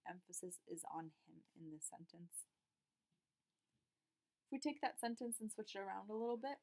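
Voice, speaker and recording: A young woman gives a recorded slide lecture to her class. She explains each point steadily and patiently, at a mid pitch and an even pace. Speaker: teacher.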